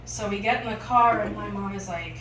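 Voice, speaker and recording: A young adult woman telling a funny story live on a club stage, animated and often laughing as she acts out voices. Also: medium pitch, a little fast, background noise. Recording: echoey room, from far off, audible ambience.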